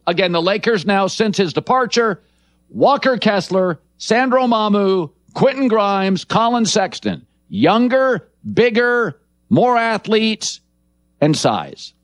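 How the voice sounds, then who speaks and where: A man's voice: high voice, expressive, a little slow, dry recording. A man hosting a sports talk show, delivering punchy, opinionated takes. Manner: emphatic, punchy declarations.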